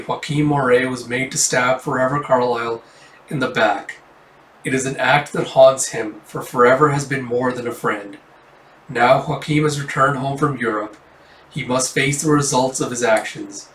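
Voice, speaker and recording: A man's voice: mid-range voice, steady tone, moderate pace, fairly bright tone, slight background noise. Casual man reading a comic aloud. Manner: casual, filler-heavy reading. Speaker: comic reader. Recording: roomy, slightly distant mic.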